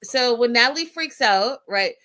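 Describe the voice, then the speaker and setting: A woman hosting a casual reality TV recap, telling scenes with animated retellings and frequent laughter. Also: fairly high pitch, moderate pace, a little hiss or hum. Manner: animated storyteller, acts out quotes, laughs often. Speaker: host.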